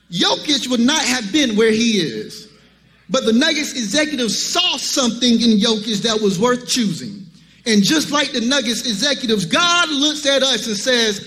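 A man delivers a sermon in a rhythmic cadence, calling out to the congregation. His voice sits very high and rings bright. A long reverb trails behind him. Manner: rhythmic preaching, calls out to the congregation. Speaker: preacher.

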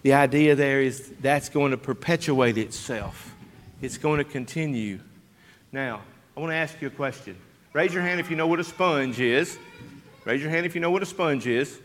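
High-voiced preacher in a reverberant church. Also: male voice, normal speed, a little hiss or hum. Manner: emphatic, rhetorical questions to the congregation, swings from loud to hushed. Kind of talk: sermon. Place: church sanctuary.

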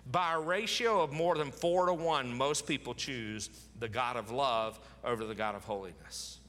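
Male pastor, emphatic sermon, forceful bright tone, church hall reverb. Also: medium pitch, unhurried. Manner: emphatic preaching, repeats words for stress.

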